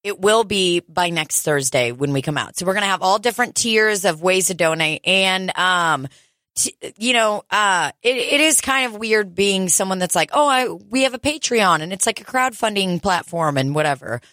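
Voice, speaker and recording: A woman's voice: on the low side, animated, normal speed, pushed and bright, no room sound, clean studio sound. A woman co-hosting a casual podcast who rambles, swears freely and laughs often. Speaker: podcast co-host. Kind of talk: casual crude podcast banter.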